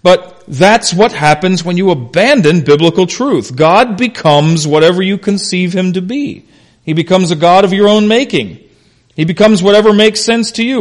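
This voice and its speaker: A man, a pastor, preaching a conversational expository sermon that swings between loud emphasis and quiet asides. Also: a little high. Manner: conversational, unscripted, frequent "uh" and "you know".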